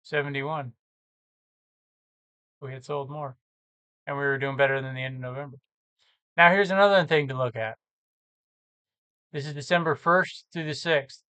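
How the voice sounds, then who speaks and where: Bright-voiced man talking through his numbers. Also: a little high, smooth, dry recording. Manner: thinks aloud, muttering numbers, self-correcting. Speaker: reseller vlogger. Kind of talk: casual screen-share walkthrough.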